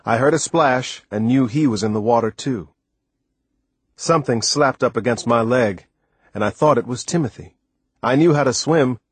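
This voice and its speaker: Husky-voiced man reading an audiobook. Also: medium pitch, no room sound. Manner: steady storytelling, first person. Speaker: audiobook narrator. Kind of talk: scripted narration.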